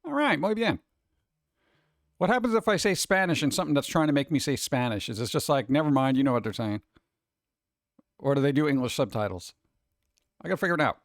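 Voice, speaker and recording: A man's voice: fairly high pitch, expressive, fast, pauses often, no echo. Chatty ranting streamer man, dry sound. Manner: chatty, ranting, rhetorical questions. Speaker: streamer reading chat. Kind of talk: casual live-stream chat.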